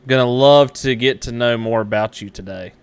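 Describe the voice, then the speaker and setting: A man's voice: mid-range voice, moderate pace, smooth. Male host, casual live-stream interview, jokey and self-deprecating. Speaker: webshow host.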